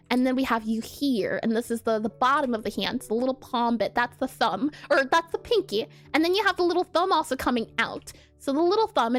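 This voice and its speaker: A woman streamer with a slightly nasal, nerdy voice and a scratchy throat, chatting and thinking aloud as she draws. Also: high voice. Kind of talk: casual live-stream chat while drawing.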